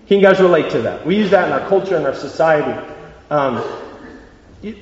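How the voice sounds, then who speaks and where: A man's voice: fairly high pitch, fairly quick, pauses often. A young man preaching a sermon, posing questions to his listeners and acting out little scenes. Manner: animated, asks the audience questions, acts out voices. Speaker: youth preacher. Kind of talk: sermon with acted-out scenarios. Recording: echoey hall, slightly dull.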